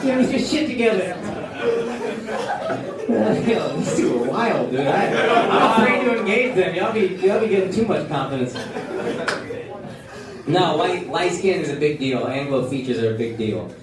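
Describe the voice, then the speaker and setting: Animated stand-up comedian in a roaring club. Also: male voice, a little high, normal speed, long pauses. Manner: loud, animated, shouting punchlines in put-on voices. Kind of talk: stand-up comedy with crowd work. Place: comedy club stage before a laughing crowd. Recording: roomy live club sound with loud crowd noise.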